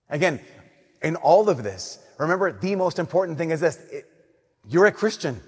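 A man's voice: fairly high pitch, breathy edge. Man preaching in a reverberant church. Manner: animated storytelling, shifting between loud emphasis and soft slow delivery. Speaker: Catholic priest. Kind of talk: sermon.

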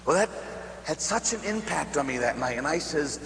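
A man from Pittsburgh, a priest, preaching a sermon as a lively storyteller who acts out voices and laughs at his own tale. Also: medium pitch, moderate pace. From Pittsburgh, USA. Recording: echoey hall with faint hum.

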